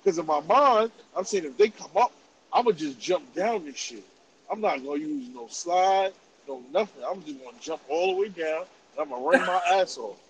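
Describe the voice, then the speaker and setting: A man around forty, telling a story in animated, profane, laughing casual podcast chat. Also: fairly high pitch, normal speed, slight background noise, rough recording. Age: about 40. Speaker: podcast host.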